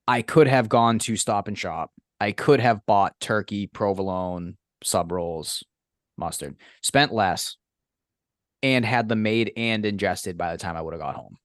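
A young man from Massachusetts co-hosts a casual podcast, his fairly low voice captured in studio quality with no room sound. He tells stories animatedly and profanely, acting out exasperated, mock-incredulous quotes.

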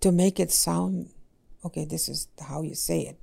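A woman language teacher in casual podcast talk, speaking haltingly with many fillers and "eh?" tags. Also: lowish voice, creaky, mellow, breathy edge.

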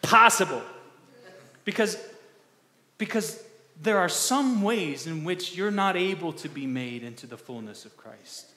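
A male pastor preaching a conversational sermon, asking the congregation questions and restarting words in quick bursts. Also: on the high side, animated, fairly bright tone. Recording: echoey hall with long reverb.

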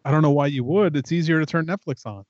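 A man co-hosting a podcast who keeps teasing and joking. His voice sits a bit high for a man. The sound is dull and dry, like a lo-fi mic. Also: fast talker, darkish tone, dry recording. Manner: teasing, jokey. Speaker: podcast co-host. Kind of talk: casual chat.

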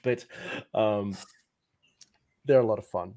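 A man's voice: on the low side, lively intonation, a little slow, pauses often, mellow. A man co-hosting a casual gaming podcast, chatty and self-mocking as he grumbles about his dice luck. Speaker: podcast co-host.

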